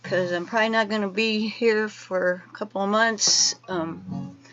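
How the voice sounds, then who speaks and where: A woman's voice: medium pitch, fairly even intonation, measured pace, fairly bright tone, lo-fi sound, faint music behind. A woman chatting casually at an online open mic, friendly and rambling. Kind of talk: casual chat.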